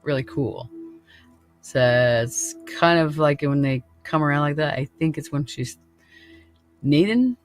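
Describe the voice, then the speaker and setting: A man's voice: fairly high pitch, measured pace, pauses often, soft background music. A man hosting a podcast in casual chat, laid-back and laughing often, swearing freely. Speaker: podcast host.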